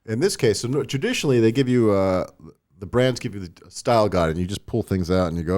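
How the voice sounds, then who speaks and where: A man's voice: lowish voice, lively intonation, fast talker, darkish tone. A man with a Long Island accent, a toy designer chatting casually as a podcast guest, rambling with many restarts. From Long Island, New York.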